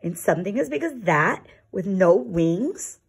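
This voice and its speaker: A woman voicing a curious, easily startled young male polar bear in a children's storybook, gentle and earnest. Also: medium pitch, expressive, measured pace, gravelly, slightly rough, exaggerated voice.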